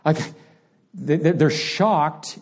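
A man's voice: fairly high pitch, slow pace, darkish tone. A man preaching a sermon in a conversational way, acting out the crowd's reactions and speaking to members of the congregation directly. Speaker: pastor.

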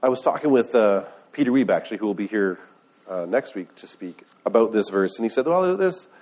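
Husky low-voiced man preaching casually. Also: lively intonation, fairly quick, darkish tone. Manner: conversational, asks the room questions. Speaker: pastor. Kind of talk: sermon.

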